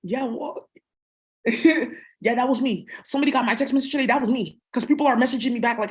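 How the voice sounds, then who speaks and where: A woman with a fairly high voice talking casually to her viewers in a loose, rambling way. She exclaims a lot, laughs easily and swears freely, jumping from thought to thought. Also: fast, long pauses. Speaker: vlogger.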